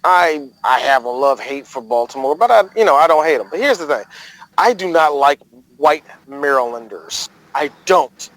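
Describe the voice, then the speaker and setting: A man from Washington, D.C., with a fairly high voice, talking in a loose, animated way. He jokes, swears freely and breaks into laughter as he hosts a casual sports chat. His delivery bounces between quick asides and drawn-out punchlines. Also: low-quality recording. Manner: animated, joking, profane, laughs often. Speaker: podcast host.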